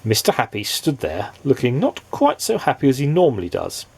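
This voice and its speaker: Expressive dad reading a storybook aloud. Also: male voice, mid-range voice, brisk, creaky, slightly rough. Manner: expressive, playful, asks the listener questions.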